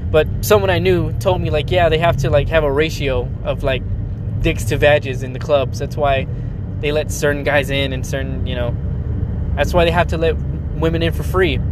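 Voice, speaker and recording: A man's voice: fairly high pitch, heavy background noise. A young man, a rapper, delivering a bitter, profane rant full of sarcasm and mocking impressions, recorded outdoors near a road. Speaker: rapper and vlogger. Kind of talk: ranting monologue.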